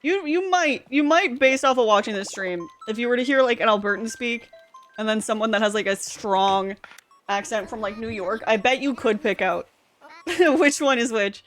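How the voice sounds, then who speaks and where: A woman's voice: fairly high pitch, moderate pace, a bit bright. A young woman with a Canadian accent, a streamer chatting casually and rambling with many fillers while she plays. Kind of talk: casual livestream chat. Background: faint game music.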